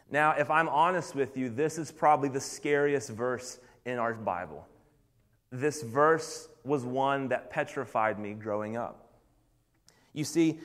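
Earnest man preaching a sermon. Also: fairly high pitch. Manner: earnest, confessional, with stammered restarts.

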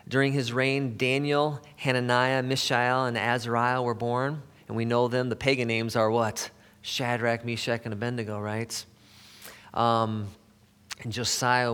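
A man preaching a sermon in a conversational, halting way, with many fillers and restarts, sometimes dropping to a soft near-whisper for emphasis. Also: medium pitch, long reverb tail.

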